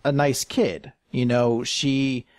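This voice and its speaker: A man's voice: mid-range voice, flat delivery, takes it slowly, no room sound, studio quality. A man co-hosting a podcast, giving rambling opinions in casual chat full of tangents and restarts. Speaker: podcast co-host.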